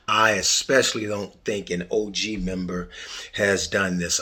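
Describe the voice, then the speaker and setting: A man's voice: sits low, husky. A middle-aged man hosting his own podcast, talking casually in a playful, joking way. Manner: playful, jokey and expressive. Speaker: podcast host. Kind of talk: casual monologue.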